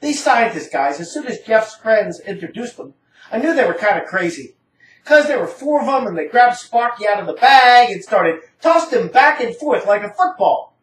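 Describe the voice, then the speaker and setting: A woman's voice: a little high, big pitch swings, normal speed. A woman giving a dramatic first-person story reading in a rambling, casual, slangy manner. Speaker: narrator. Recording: roomy, distant from the mic.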